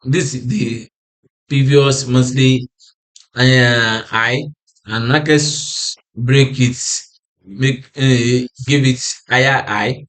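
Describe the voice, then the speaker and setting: Man for a trading chart lesson, tired and yawning, mid pitch, keeps repeating phrases and asking himself "what?" before answering. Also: fairly even intonation, drawn-out words, fairly bright tone. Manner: repetitive, restarts phrases, asks himself "what?" then answers. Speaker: forex trading analyst. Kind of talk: screen-share chart walkthrough.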